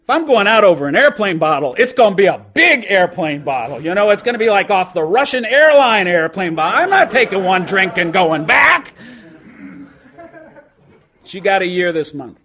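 Man with a fairly high, punchy voice. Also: very animated, moderate pace, sharp tone. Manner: punchy, joking, turning earnest. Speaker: speaker sharing his story at a recovery meeting. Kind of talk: humorous storytelling talk. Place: lives in New York.

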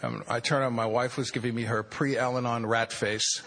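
Wry bright-voiced man in his fifties. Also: mid-range voice, fairly even intonation, a faint crowd. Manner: wry, self-deprecating, halting at times. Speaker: speaker sharing a recovery story. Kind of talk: personal storytelling talk.

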